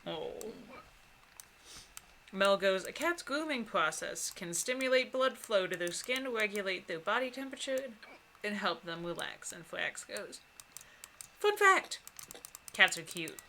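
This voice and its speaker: A woman's voice: mid-range voice, expressive, measured pace, bright, forceful tone, a little hiss or hum. A woman co-hosting a casual gaming stream, reading viewer comments aloud and swearing casually. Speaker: co-host reading chat. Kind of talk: casual chat while gaming.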